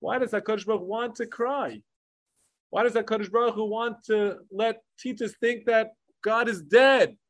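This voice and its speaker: A man teaching a Torah lecture with passion, mixing Hebrew learning terms into English and swinging between emphatic peaks and hushed asides. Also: high-pitched, steady tone, moderate pace, dry recording. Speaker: rabbi. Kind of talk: Torah lecture on the Tisha B'Av kinos.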